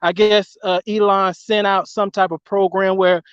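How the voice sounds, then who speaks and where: Excitable high-voiced man calling in. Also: moderate pace, clean tone, no room sound, muffled recording. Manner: excitable, laughing, calls everyone bro. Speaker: caller. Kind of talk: casual chat with the host.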